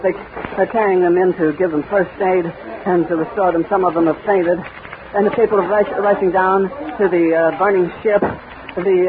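A man giving a live on-scene radio commentary outdoors at an airfield, describing events in a running flow with fillers and restarts. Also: sits high. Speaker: radio reporter. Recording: tinny, noisy 1930s radio recording.

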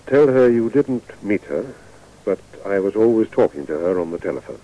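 An actor playing an urbane, dryly witty middle-aged father, speaking in a measured way. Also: on the low side, very animated, muffled recording. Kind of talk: radio drama acting.

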